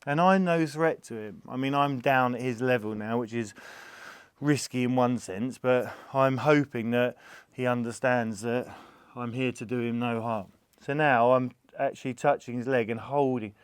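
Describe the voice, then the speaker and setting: Calm, patient man explaining animal care. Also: medium pitch, normal speed, clean tone, no room sound. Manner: calm, gentle, patient, soothing the animal softly. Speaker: farm animal carer. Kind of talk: explaining while handling a horse.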